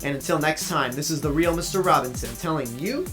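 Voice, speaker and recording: A man giving a casual spoken movie review, animated and exasperated, with rhetorical asides. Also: fairly high pitch, brisk, music in the background.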